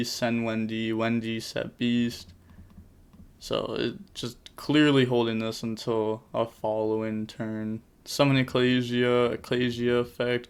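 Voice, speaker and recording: Young guy narrating card game replays, smooth clear voice, middle pitch, rattles off plays fast. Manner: rattles off plays in quick bursts, jokey asides. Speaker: channel host commentating card game replays. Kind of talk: casual gameplay commentary.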